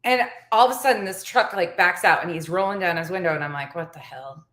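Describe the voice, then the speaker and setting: A woman's voice: lowish voice, lively intonation, quick pace, a bit bright, roomy sound. A woman in her forties telling a story to the camera in a chatty vlog, laughing often as she goes. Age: 40s. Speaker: vlogger. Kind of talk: casual storytelling chat.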